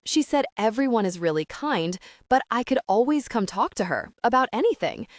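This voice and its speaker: A teenage girl in an audiobook, hurt yet steady, with a gently reproachful, measured way of speaking, as a woman reads her. Her lines move with lively pitch. The recording is dry and close. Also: no room sound. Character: hurt but composed teenage girl, candid. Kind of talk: audiobook character reading.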